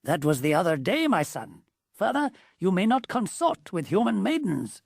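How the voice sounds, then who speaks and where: A solemn old genie father speaks in stiff, old-fashioned phrases, as a woman narrator puts him on. His voice sits low and stern. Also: big pitch swings, moderate pace, creaky, no echo, clean studio sound, exaggerated voice. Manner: formal, archaic, solemn.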